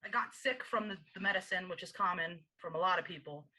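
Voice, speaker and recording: Woman, 30s, podcast guest; bright, sharp voice; animated candid storyteller. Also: on the low side, fast, rough recording. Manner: animated, acts out quoted dialogue with frequent laughs. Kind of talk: candid personal storytelling in an interview.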